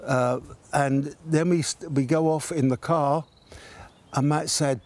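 A man's voice: a little high, steady tone, takes it slowly, a little mellow. An older man telling a funny story in a chatty way, laughing as he goes and acting out the voices of the people in it. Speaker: guest telling an anecdote. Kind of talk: casual storytelling.

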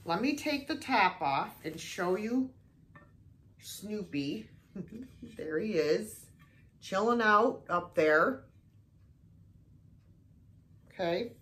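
Slow-talking older woman showing thrift finds. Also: mid-range voice, expressive, a bit bright. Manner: chatty, exclaims often, slow and drawn out. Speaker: thrift haul vlogger. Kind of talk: casual show-and-tell haul video.

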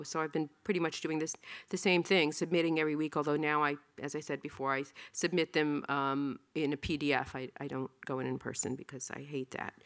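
A woman's voice: fairly low pitch, a bit bright. A woman in her sixties giving a rambling, self-deprecating talk about her work, with many ums and restarts, on a theatre stage. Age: 60s. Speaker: cartoonist giving an artist talk. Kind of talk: casual storytelling talk.

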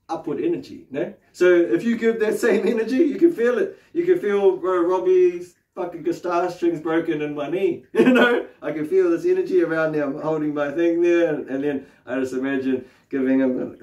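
A man's voice: fairly high pitch, a little fast, dark tone. A man with a New Zealand accent teaching meditation in a loose, casual way, swearing freely and tagging his sentences with questions. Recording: roomy, distant mic.

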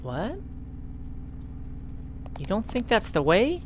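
A let's play commentator giving casual gaming commentary, sarcastic and swearing freely while yelling at the game characters. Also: medium pitch, huge pitch swings, takes it slowly, slight background noise.

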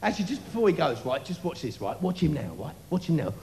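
Man doing a smug vain preener, high sing-song voice, gravelly edges, reverberant live club. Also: very animated, very noisy. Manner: smug, self-satisfied, drawn-out yeses. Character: vain, preening man boasting of his looks. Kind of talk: live stand-up character comedy. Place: comedy club stage, live audience. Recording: reverberant live venue, faint ambience.

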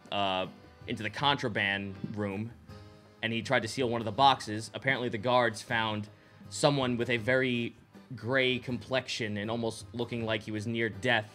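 A man's voice: medium pitch, bright, forceful tone. A man narrating as game master in a casual tabletop game, loose and chatty with many fillers.

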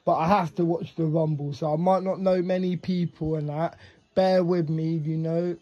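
Excitable high-voiced man reacting. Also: normal speed, muffled recording. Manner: excitable, swears freely, talks to the screen. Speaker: reaction video creator. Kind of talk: casual live reaction commentary.

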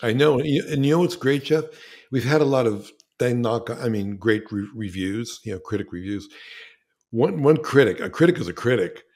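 A man who is a filmmaker guest on a podcast, speaking in a lively, enthusiastic way with frequent restarts. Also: medium pitch, normal speed. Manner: animated, enthusiastic, with frequent restarts and acted-out quotes. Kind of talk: casual interview conversation.

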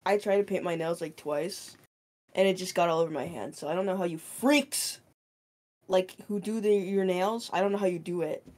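A woman in loose, casual conversation with a friend, her voice sitting a little low. She rambles from thought to thought and leans on filler words as she talks. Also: normal speed, a little mellow. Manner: rambling, heavy use of "like" fillers. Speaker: friend of the streamer. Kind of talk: casual chat.

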